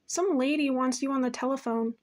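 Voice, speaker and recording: A woman's voice: high voice, fairly quick, lightly acted. A woman voicing a prissy, bossy little sister in an audiobook reading, with a pert, prissy manner.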